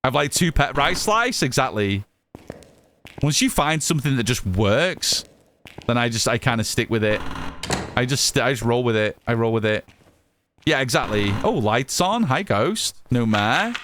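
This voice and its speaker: A man's voice: medium pitch, expressive, moderate pace, a bit bright, slight background noise. An English man from the Northwest, chatting casually while streaming a game and answering his chat, often repeating himself. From Northwest England, Cheshire. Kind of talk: casual live gameplay chat.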